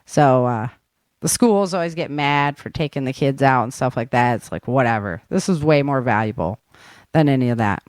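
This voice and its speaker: A woman's voice: extremely low pitch, expressive, normal speed, a little mellow, no echo. A middle-aged woman in a casual chat, telling stories with a laugh. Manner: chatty, laughing storyteller. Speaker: author and camp instructor.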